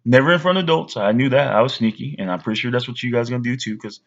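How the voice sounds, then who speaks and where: A man in his forties talks straight to his young sons, blunt and rambling, with plenty of ums along the way. His voice sits at an ordinary pitch, and the recording sounds a little dull and lo-fi. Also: racing. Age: 40s. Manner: blunt, rambling, with many fillers. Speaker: father giving advice. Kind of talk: casual to-camera talk.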